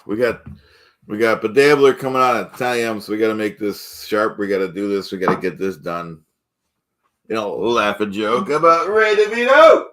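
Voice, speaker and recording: In an improvised comedy bit, a livestream host takes on the role of a self-important, thin-skinned middle-aged man making ham and eggs. His somewhat low voice is animated and a bit bright at a moderate pace, blustering as he wanders across topics and repeatedly, indignantly demands that no one question him.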